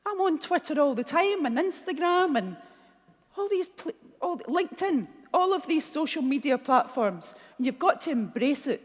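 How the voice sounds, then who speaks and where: A woman's voice: high-pitched, moderate pace. Blunt Scottish woman in a reverberant hall. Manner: blunt, animated anecdotes with acted-out dialogue. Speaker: keynote speaker. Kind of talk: motivational keynote storytelling. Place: large conference hall.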